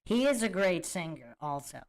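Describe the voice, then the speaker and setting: A woman's voice: lowish voice, very animated, normal speed. A woman hosting a podcast, reacting to clips with amused disbelief and reading out viewer comments. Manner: amused, incredulous, laughs often. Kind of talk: casual commentary with chat readouts.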